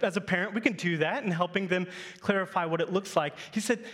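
A man's voice: high voice, animated, normal speed, fairly bright tone. A male pastor in his thirties giving a sermon, telling a playful family story to his congregation.

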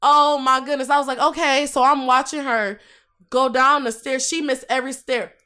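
With a high-pitched, clear and resonant voice, a young woman tells lively stories in a casual podcast chat, laughing often. She keeps a moderate pace.

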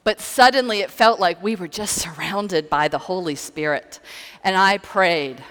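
Woman, pastor, earnest sermon storytelling, unhurried, bright tone, echoey church. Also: lowish voice. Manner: storytelling, earnest, slow and deliberate.

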